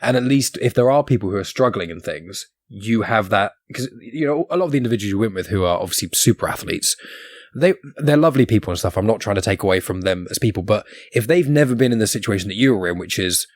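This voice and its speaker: A man hosting a podcast, thinking out loud and losing his thread now and then. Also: on the low side, lively intonation, fast talker, dry recording, studio quality. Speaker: podcast host. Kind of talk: casual chat.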